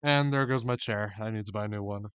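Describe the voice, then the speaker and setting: A man's voice: lowish voice, fast talker, clean tone, no room sound, highs cut off. A young adult man streaming a game, groaning and muttering exasperated remarks between reading lines. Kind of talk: casual let's-play commentary.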